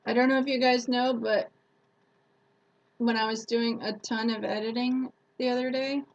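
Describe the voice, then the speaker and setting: A woman's voice: on the high side, flat delivery, moderate pace, dull audio. A woman YouTuber chatting casually on a live stream who laughs often and retells stories with acted-out quotes.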